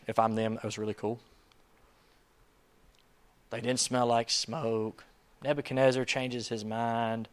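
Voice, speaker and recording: A man preaching a sermon in a conversational, emphatic way, swinging from soft asides to loud urgency. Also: medium pitch, clear, resonant tone. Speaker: pastor.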